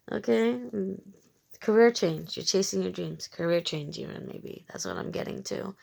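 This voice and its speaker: A woman's voice: fairly low pitch, a little slow, creaky, a little mellow. A woman giving a casual tarot reading to her viewers, frank and emphatic, swearing freely and repeating short phrases as she talks. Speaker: tarot reader.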